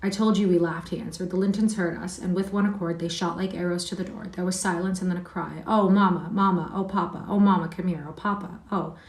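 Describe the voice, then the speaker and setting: Woman reader doing a defiant, scornful young Heathcliff; low, roomy, off-mic. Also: fairly even intonation, fairly quick, few pauses, close to an everyday voice. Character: Heathcliff, a wild defiant boy telling his tale. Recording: roomy sound from a distant mic.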